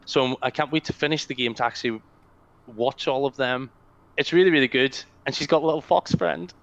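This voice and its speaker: A man's voice: medium pitch, a little fast, gravelly, a little hiss or hum. A man co-hosting a casual gaming podcast, telling stories about games with enthusiasm. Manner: enthusiastic, animated storytelling. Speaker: podcast co-host. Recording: slightly dull lo-fi audio.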